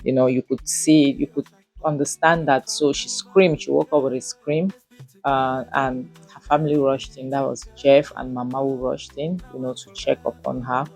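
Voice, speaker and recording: A woman's voice: extremely low pitch, fairly even intonation, normal speed, creaky, a little mellow, slightly rough, faint music behind. A Nigerian woman recapping and reviewing a drama episode in a casual, rambling way, with many fillers. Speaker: series reviewer.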